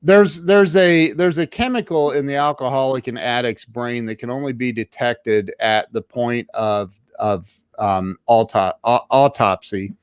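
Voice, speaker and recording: A man's voice: medium pitch, fairly even intonation, a little slow, few pauses, smooth, no echo, studio quality. A man as an interview guest, telling his own story casually and emphatically, often stumbling and restarting his words.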